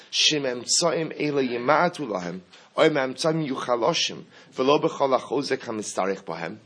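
Husky man teaching a text class. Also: medium pitch, a bit bright. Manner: reads Hebrew text then explains it in English, thinking aloud with restarts. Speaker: Torah teacher. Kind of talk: early-morning text class.

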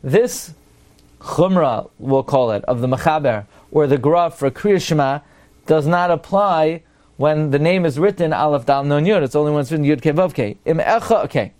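This is a man with a fairly high, darkish voice, talking at a normal speed. He is a rabbi leading a class, giving an explanatory Torah lecture in which he reads Hebrew texts aloud and renders them in translation.

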